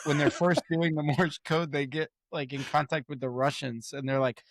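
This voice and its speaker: A man's voice: fairly high pitch, flat delivery, normal speed, no room sound. A man co-hosting a podcast, talking about a film in a laid-back way, quoting lines and restarting sentences. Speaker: podcast co-host. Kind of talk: casual movie chat.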